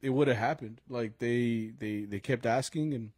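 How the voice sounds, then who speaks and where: At a live podcast taping, a young co-host who plays mariachi chats casually about gigs, laughing, using lots of fillers and dropping Spanish slang. He speaks at a moderate pace in a medium, slightly mellow voice, captured dry with clean studio sound.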